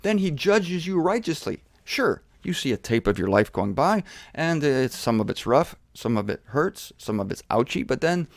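Animated, irreverent man preaching. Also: medium pitch, moderate pace, gravelly, hardly any pauses, no room sound. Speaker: Bible teacher. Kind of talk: casual sermon on camera.

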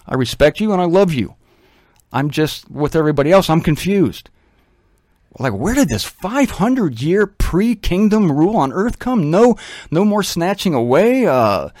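A man's voice: mid-range voice, a little mellow, dry recording, clean studio sound. A man giving a radio Bible teaching in an earnest, emphatic, pleading manner, at times repeating words.

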